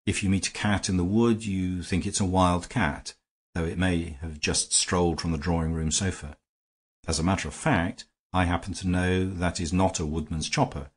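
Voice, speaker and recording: A man reading the part of a calm, thoughtful gentleman detective in an audiobook, speaking low and dry. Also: husky.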